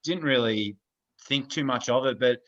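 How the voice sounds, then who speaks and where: A young man leads the interview, feeling his way through each question with frequent ums and restarts. His tone is bright and forceful. The sound is dull and lo-fi. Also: mid-range voice, normal speed. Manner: hesitant, filler-heavy questions. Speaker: interviewer, host. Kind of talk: podcast interview.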